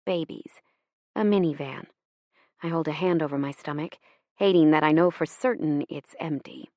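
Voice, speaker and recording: A woman reads a first-person romance audiobook in an intimate, reflective way. Her voice sits on the low side. The recording is close and dry, with no room sound. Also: steady tone, moderate pace, darkish tone, dry recording. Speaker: audiobook narrator.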